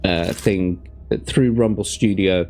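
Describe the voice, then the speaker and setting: A man's voice: sits low, takes it slowly, darkish tone, soft background music. A man, hosting a livestream as game master, chatting with viewers and reading gamebook passages aloud. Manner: chatty, laughs easily, talks to his chat.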